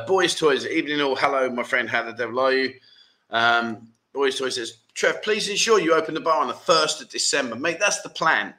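A man's voice: medium pitch, sharp tone. A man hosting a casual livestream, reading viewer comments aloud and chatting in a jokey, teasing way. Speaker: livestream host.

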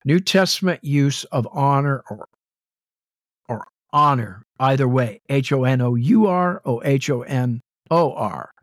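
Slow, deliberate man teaching scripture. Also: medium pitch, lively intonation, no echo, studio quality. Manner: slow, deliberate, repeats and spells out words. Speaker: Bible teacher. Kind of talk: Bible study teaching.

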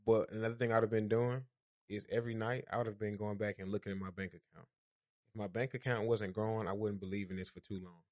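A man's voice: lowish voice, steady tone, fast talker, a little mellow, dry recording. A man co-hosting a casual podcast chat, laughing often and agreeing. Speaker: podcast co-host.

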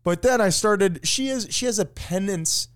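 Man, podcast co-host, playful banter, mock-grand delivery, slightly high voice, swooping animated pitch. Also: moderate pace, smooth. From Florida, USA. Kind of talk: casual comedic chat.

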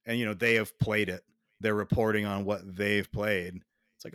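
A young adult man co-hosting a casual podcast chat, ranting in a slow drawl and swearing freely. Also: on the low side, fairly even intonation, a bit bright, clean tone, no room sound, clean studio sound. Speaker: podcast co-host.

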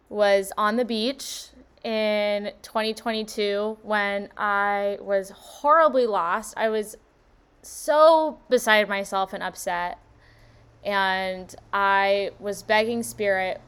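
A woman's voice: mid-range voice, steady tone, slow pace, fairly bright tone, clean tone. A woman in her late twenties hosting a solo podcast, talking in a bubbly, effusive way and gushing with wonder. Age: 20s. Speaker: podcast host. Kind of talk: casual solo podcast monologue.

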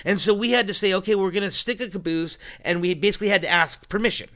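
A man hosting a casual podcast chat, excitable and jokey. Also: sits high, fast talker. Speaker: podcast host, distillery owner.

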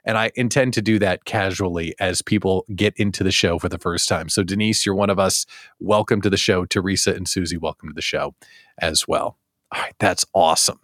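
A middle-aged man with a low voice, speaking a little fast, hosts a daily live show about small business. He's playful and animated, addressing viewers directly in an upbeat stream. The sound is clean studio quality without echo.

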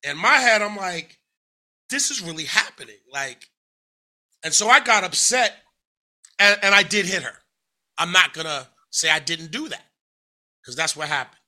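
A man's voice: sits high, animated, unhurried, long pauses, pushed and bright. A man, an interview guest from the United States, candidly recounting a personal story in a casual way, full of fillers, restarts and acted-out quotes. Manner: conversational, frequent fillers and self-corrections, acts out quoted speech.

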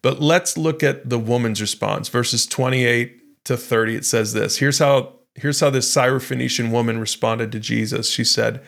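In a casual Bible study discussion on a podcast, a male co-host speaks earnestly and conversationally, often starting over. His medium-pitched voice is creaky and a bit bright, moving at a moderate pace with few pauses.

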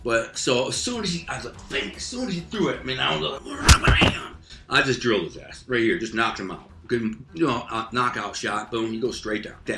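Streetwise man telling a story in an echoey room. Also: medium pitch. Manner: streetwise, animated, acts out voices and sound effects. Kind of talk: casual spoken storytelling.

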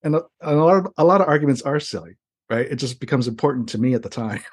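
Husky man, casual guest, tells stories with lively retelling. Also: medium pitch, very fast. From United States. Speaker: interview guest. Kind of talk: casual storytelling.

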